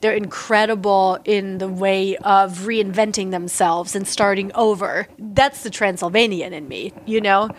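Woman in her forties, from Germany, candid, emphatic, interview guest, mid-pitched voice. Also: steady tone, a little slow, few pauses, a little hiss or hum. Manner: candid and emphatic, many fillers. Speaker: interviewee, artist. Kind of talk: casual conversational interview.

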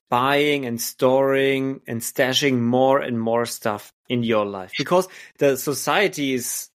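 Agreeable male host. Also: medium pitch. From Germany. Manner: agreeable, affirms often with short replies. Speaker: podcast host. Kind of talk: conversational interview.

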